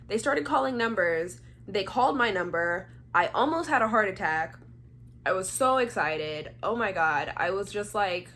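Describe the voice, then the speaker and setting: A young woman from Atlanta, Georgia telling a story in a casual, chatty vlog and acting out the voices of the people in it. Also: medium pitch. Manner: chatty, animated, acts out quoted voices. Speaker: vlogger.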